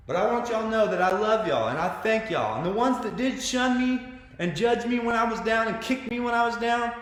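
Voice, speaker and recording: A man, telling his own story in an earnest, excitable monologue full of restarts. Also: high-pitched. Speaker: vlogger sharing his story. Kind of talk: emotional personal monologue. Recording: very echoey room with long reverb.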